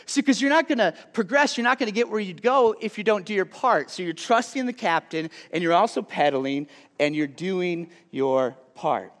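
A man giving a casual sermon to a live audience. He chats in an animated way with lots of "like" asides, then drops to a soft, hushed tone for earnest appeals. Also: sits high, moderate pace. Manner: chatty and animated, full of "like" asides. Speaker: youth speaker. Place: large hall with a live audience. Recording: long hall reverb.

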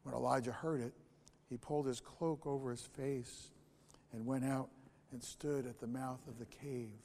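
A man's voice: medium pitch, fairly even intonation, normal speed, darkish tone, long reverb tail, slight background noise. A male pastor preaching a sermon in a conversational way, asking rhetorical questions.

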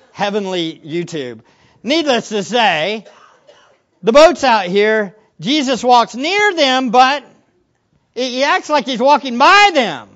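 A man preaching a sermon as pastor, animated, swinging between quiet asides and loud emphatic lines. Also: very high voice. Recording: dull lo-fi recording.

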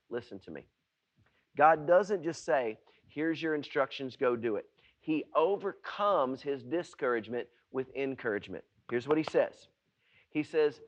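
A male pastor preaching a sermon, emphatic and repetitive, swinging between hushed and loud passages. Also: medium pitch, expressive, a little slow, highs cut off.

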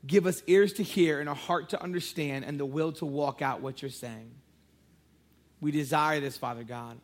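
A man's voice: a little high, normal speed. A man in his thirties, a pastor preaching a sermon, praying fervently and telling playful, joking stories about his family. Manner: playful, joking storyteller who prays fervently.

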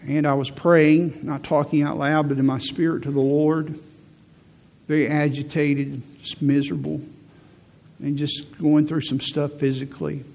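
Male pastor preaching, gravelly and husky, slightly high voice, emphatic and repetitive. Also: flat delivery, a little slow, a little mellow. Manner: emphatic preaching, repeats key phrases, rises for emphasis. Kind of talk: sermon.

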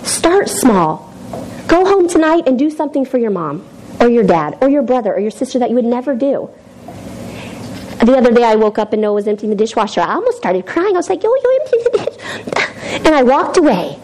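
A woman's voice: fairly high pitch, big pitch swings, brisk, darkish tone, slight background noise, rough recording. A woman giving an informal youth group devotional in a chatty, self-deprecating way, often laughing.

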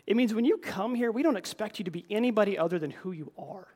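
A man's voice: high-pitched, lively intonation, fast talker, a little mellow. A man preaching a conversational sermon in a church, earnest, often repeating words and calling the congregation folks. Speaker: pastor.

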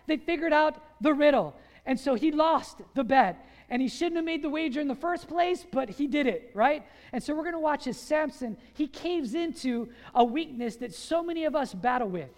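High-voiced preacher in a reverberant hall. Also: normal speed. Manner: animated, quizzes the congregation. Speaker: pastor. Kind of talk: sermon with call-and-response questions. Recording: long reverb of a large hall.

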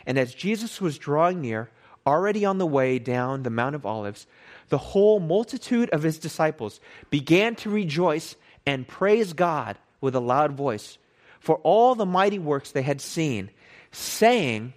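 A man teaching from the Bible in a casual sermon style, animated and conversational, often repeating and correcting himself. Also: a little high, unhurried.

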